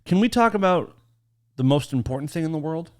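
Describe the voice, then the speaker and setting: Playful teasing podcast co-host. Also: male voice, fairly high pitch, lively intonation, a little fast. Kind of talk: casual chat.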